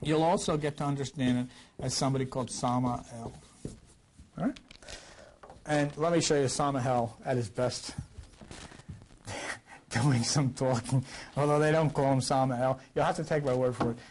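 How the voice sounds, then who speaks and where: An older man teaching a scripture class in a rambling, conversational way, his voice a little rough from a recent cough and swinging between loud and quiet. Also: steady tone, moderate pace, long pauses, slight background noise. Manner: rambling, conversational, with wide swings in pitch and loudness. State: recovering from a cough. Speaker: lecturer.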